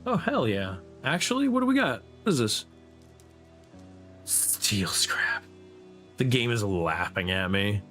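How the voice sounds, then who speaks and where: A man's voice: lowish voice, big pitch swings, takes it slowly, long pauses, fairly bright tone, soft background music. A man streaming a survival game, chatting loosely and profanely to himself as he plays. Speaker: gaming streamer and server host. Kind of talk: casual gameplay commentary.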